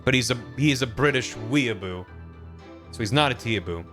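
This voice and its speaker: A man streaming a game, making quick jokes and asides about what happens on screen. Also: mid-range voice, animated, a bit bright, faint music behind. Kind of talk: casual game commentary.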